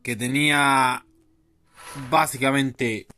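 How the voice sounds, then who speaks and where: A man's voice: medium pitch, steady tone, slow pace, bright, forceful tone, slight background noise. A man streaming a game, commenting casually and swearing freely. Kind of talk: casual let's play commentary.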